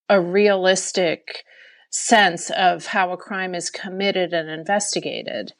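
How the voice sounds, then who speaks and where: A woman author answers interview questions in a thoughtful, measured way. Her voice sits a little low, and faint music plays underneath. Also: animated. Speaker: suspense author.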